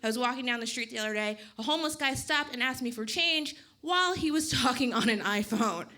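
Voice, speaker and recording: A woman doing a stand-up routine with a dry, deadpan delivery. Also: a little high, a little fast. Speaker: stand-up comedian. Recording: stage mic with loud room noise.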